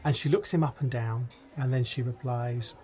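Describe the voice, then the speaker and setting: A man's voice: mid-range voice, normal speed. Wry man telling a story. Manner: relaxed and wry, laughs at his own jokes. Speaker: podcast host. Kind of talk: conversational podcast storytelling.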